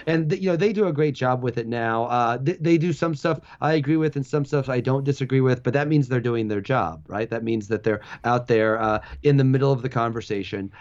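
Middle aged guy chatting as a guest, lively, laughs a lot, kinda muffled lo-fi audio. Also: mid-range voice, brisk, hardly any pauses. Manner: animated, laughs often, frequent restarts. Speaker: guest, former sports website founder. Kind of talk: casual interview talk. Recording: dull lo-fi audio.

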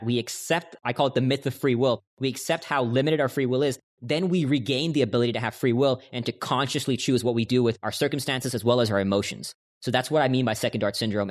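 A man talking as a podcast guest, earnestly explaining his ideas through stories and quotes. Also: medium pitch. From United States. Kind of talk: conversational interview.

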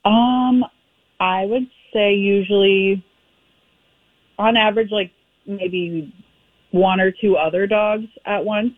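A woman's voice: medium pitch, no room sound. Casual woman caller on a phone line. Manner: casual, halting, with fillers. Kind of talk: call-in phone conversation.

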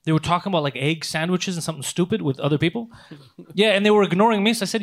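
A man telling a long story in casual podcast chat, swearing often and acting out the people in it. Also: sits high. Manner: fast, profane, animated storytelling. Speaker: podcast host.

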